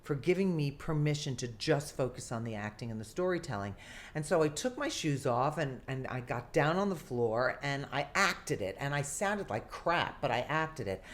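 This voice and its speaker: An older woman, an actress telling a lively story from her career in an interview, often acting out what people said. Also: rumbling low, normal speed. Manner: animated, theatrical storyteller who acts out quotes. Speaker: guest actress.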